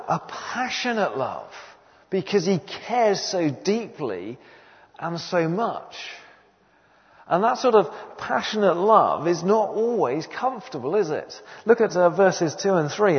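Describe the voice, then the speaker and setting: A man preaching a sermon in a conversational way, often asking his listeners questions. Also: a little high. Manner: animated, conversational, asks the audience questions. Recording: dull sound in a long-reverb hall.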